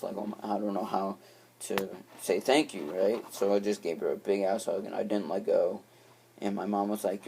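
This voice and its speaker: Low-voiced young man rambling through a story. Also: normal speed, vocal fry, darkish tone. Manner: rambling, with frequent restarts and swearing. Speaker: vlogger. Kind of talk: casual storytelling.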